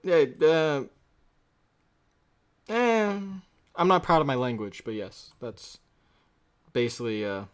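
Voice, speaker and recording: Fired-up man ranting with a lively voice. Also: medium pitch, slow pace, long pauses, smooth. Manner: heated, profane, rambling. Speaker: channel host. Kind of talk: reaction vlog rant.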